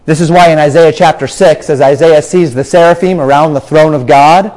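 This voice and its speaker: A man's voice: fairly high pitch, fairly quick, darkish tone, rough recording. A man preaching a sermon, explaining scripture and drawing out words for emphasis.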